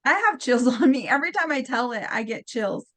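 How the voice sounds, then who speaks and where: Woman guest, high-pitched, animated storyteller who acts out every quote, loose and filler-heavy. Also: fairly quick. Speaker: guest healer. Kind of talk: storytelling in casual chat.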